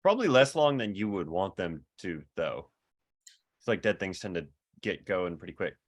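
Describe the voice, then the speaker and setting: A chatty man plays in a tabletop role-playing game. His voice sits fairly low but swings animatedly up and down. He talks casually and eagerly. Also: big pitch swings, moderate pace. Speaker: player.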